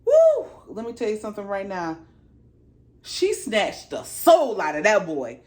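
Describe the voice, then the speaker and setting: Animated woman recapping a TV episode. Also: medium pitch, unhurried. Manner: animated, emphatic, slangy. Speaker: TV show reviewer.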